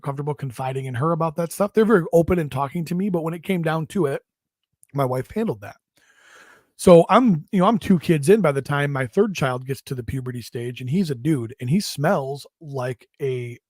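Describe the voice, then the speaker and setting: Man, middle-aged, podcast co-host, crude rambling anecdotes, slightly high voice, dry close mic. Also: darkish tone, dry recording. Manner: profane, rambling storytelling with mocking impressions. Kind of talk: crude comedic podcast banter.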